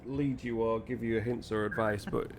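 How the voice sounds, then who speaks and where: A man's voice: lowish voice, steady tone, normal speed, over a noisy crowd. A man with a Northern English accent narrating as dungeon master, explaining rules patiently and teasing his players. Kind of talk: narrating a tabletop game.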